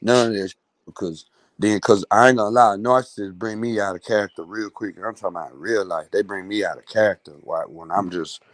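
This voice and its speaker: Low-voiced man, blunt and emphatic. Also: fairly even intonation, brisk, no echo. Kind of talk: casual chat.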